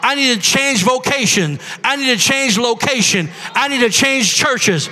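A man preaching a sermon, building from quiet storytelling to shouted prophecy over the congregation. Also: extremely high pitch, lively intonation, measured pace, big-room sound. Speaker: pastor.

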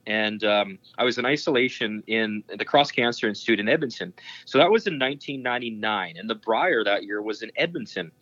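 A man's voice: on the low side, lively intonation, brisk, a bit bright, dry recording, dull audio. A man working as a sports broadcaster, telling stories in an interview in an enthusiastic, rambling way, full of fillers and restarts. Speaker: curling broadcaster. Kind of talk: casual anecdote telling in an interview.

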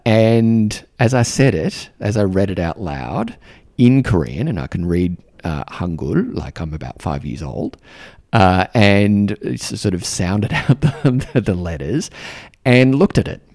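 Deep, gravelly man musing aloud. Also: lively intonation, slow pace, a little mellow, no room sound, studio quality. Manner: storytelling, self-deprecating, thoughtful. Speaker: podcast host. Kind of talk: casual reflective monologue.

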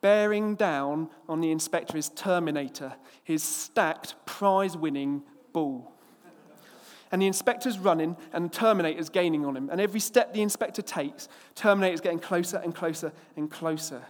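A man preaching a sermon from England, opening with a lively anecdote in which he acts out the characters before turning to scripture. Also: fairly high pitch, normal speed, big-room sound.

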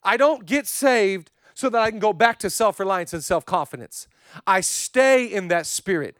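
High-voiced passionate male preacher. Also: lively intonation, moderate pace, clean tone, no room sound, studio quality. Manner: passionate preaching with rhythmic repetition, swinging from loud to hushed. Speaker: pastor. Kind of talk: sermon.

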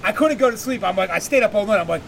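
A man's voice: sits high, lively intonation, very fast, slight background noise. A man hosting a podcast, telling a long profane story in a rambling casual way and laughing often. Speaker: podcast host.

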